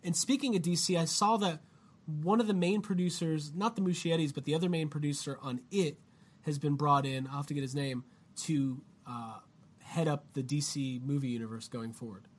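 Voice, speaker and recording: A man's voice: on the high side, steady tone, fairly quick, slightly rough. Joking, profane male podcast host. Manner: loose, joking, swears freely. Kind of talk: casual podcast chat.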